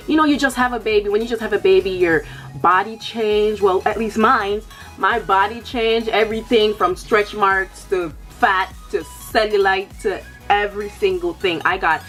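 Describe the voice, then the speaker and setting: A young woman chats candidly to her viewers in a loose, everyday way, peppering her talk with "like" and "you know". Her pitch sits in an ordinary middle range for a woman. Soft music plays faintly underneath. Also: moderate pace. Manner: casual, frank, heavy use of "like" and "you know". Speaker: vlogger. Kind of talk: candid personal chat.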